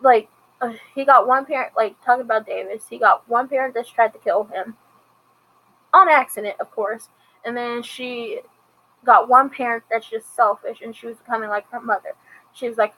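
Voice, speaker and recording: A woman's voice: fairly high pitch, fairly even intonation, normal speed, fairly bright tone, low-quality recording. A woman reviewing a TV episode in casual commentary, retelling it chattily and acting out the characters' lines. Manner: chatty retelling with acted-out quotes.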